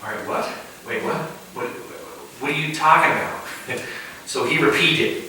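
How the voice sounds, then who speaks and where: A man preaching at a house church, telling a dream story in vivid first person with halting restarts. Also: on the high side, noisy background. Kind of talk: conversational sermon storytelling. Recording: echoey room, distant mic.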